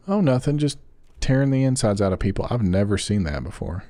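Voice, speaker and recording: Low-voiced chatty man streaming a game. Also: lively intonation, fairly quick, dark tone, no echo. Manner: rambling, chatty, talks to viewers by name. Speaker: gaming streamer. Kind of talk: casual live-stream chat.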